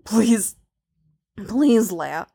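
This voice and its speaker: A woman voicing a hardened male bounty hunter who talks in a rough, halting way, pleading through curses. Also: medium pitch, steady tone. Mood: desperate.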